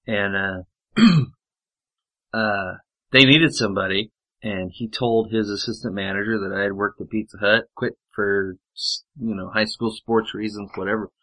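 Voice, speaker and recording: A man's voice: lowish voice, steady tone, measured pace, bright, forceful tone, low-quality recording. A man telling rambling, profane anecdotes in casual chat, with lots of fillers and swearing. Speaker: podcast storyteller.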